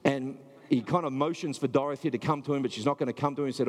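A man's voice: mid-range voice, steady tone, fast talker, long reverb tail. A man preaching a sermon in a loose, conversational way, with filler words and restarts. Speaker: pastor.

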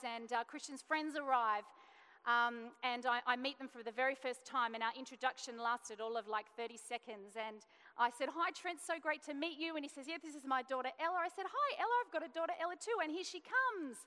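A woman's voice: high voice, fairly even intonation, brisk, bright, forceful tone, clean tone. Earnest woman telling a story in a hall. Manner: earnest, emotional storytelling with many restarts. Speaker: mother sharing a personal testimony. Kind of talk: personal faith testimony. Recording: long reverb in a large hall.

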